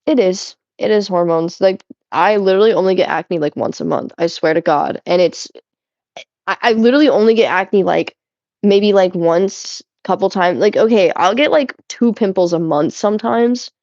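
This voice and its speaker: A young woman streaming, chatting casually with her chat and swearing a lot, animated and giggly. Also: mid-range voice, normal speed, no echo, muffled recording. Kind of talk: casual chat reading chat while cleaning.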